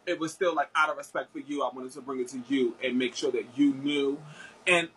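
A man's voice: medium pitch, steady tone, fairly quick, bright, forceful tone, a little hiss or hum, poor audio. A man chatting as a guest, telling a story in a rambling way with many fillers and restarts. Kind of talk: casual chat.

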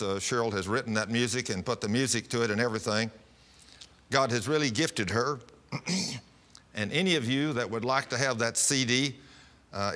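This pastor's medium-pitched voice comes across pushed and bright. Preaching a televised sermon from a TV studio, he rambles folksily through personal testimony and often starts his sentences over.

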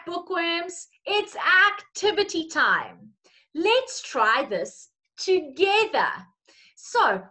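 A woman's voice: high voice, a bit bright. A woman teacher, reading a picture story to young children in a playful, coaxing way.

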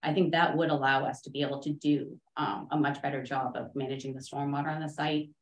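Brief: low-pitched woman consultant, measured and technical, echoey meeting room. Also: little pitch movement. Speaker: consultant presenting to a town board. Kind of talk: public meeting discussion.

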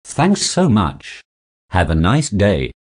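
A man reading simple scripted practice dialogues in a slow, even textbook delivery. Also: on the low side, slightly rough. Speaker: dialogue reader for English practice.

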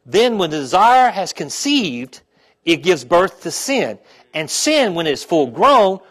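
A middle-aged male pastor delivers a sermon, checking in with his congregation through "okay?" and "amen?" and softening to a quiet, heartfelt tone when recounting his own trials. His voice sits high with big swings in pitch, and he keeps a measured pace.

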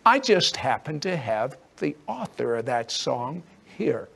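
Animated slow-talking host. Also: male voice, medium pitch, gravelly, slightly rough. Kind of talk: Christian TV interview.

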